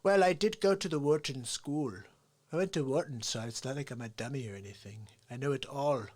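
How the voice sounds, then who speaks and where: A man's voice: medium pitch, a little mellow, pitched below the performer's own voice, close to an everyday voice. A man doing an impression of a boastful male president who praises himself. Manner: bragging, self-praising, drawn-out.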